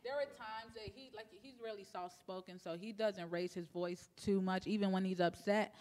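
A woman chatting as a guest about her marriage, acting out quotes in a lively way. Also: mid-range voice, normal speed. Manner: lively storyteller, acts out quotes; says she talks loudly. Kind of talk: casual interview chat.

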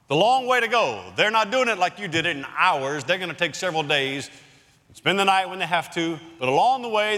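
Male pastor, slightly high bright voice, expository sermon with emphatic pauses in a church sanctuary. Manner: expository Bible teaching, emphatic dramatic pauses. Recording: long hall reverb.

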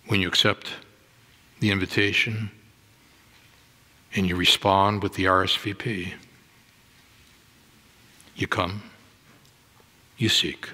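A man preaching a sermon in a church, slow and deliberate, giving dramatic readings of scripture. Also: low-pitched, pushed and bright, breathy edge. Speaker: pastor. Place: church sanctuary. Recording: long hall reverb.

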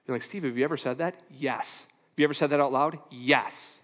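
A man preaching a sermon as pastor, animated, asking rhetorical questions and playing out little back-and-forth exchanges. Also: mid-range voice, fairly quick, long reverb tail.

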